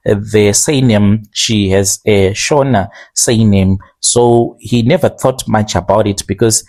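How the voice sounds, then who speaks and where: A man telling a strange first-person confession in a plain, steady way, slowing down now and then on careful phrases. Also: fairly low pitch. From Zimbabwe. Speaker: confession storyteller.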